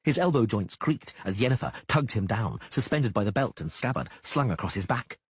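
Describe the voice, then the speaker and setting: A man reading an audiobook in a dramatic, expressive manner. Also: mid-range voice, moderate pace, slightly rough, no room sound. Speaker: audiobook narrator.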